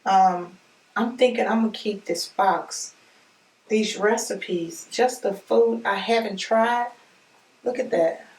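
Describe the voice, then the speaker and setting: A woman chatting casually through an unboxing, gushing and excitable as she talks straight to her viewers. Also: mid-range voice, takes it slowly. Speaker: unboxing vlogger. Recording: roomy echo, mic at a distance.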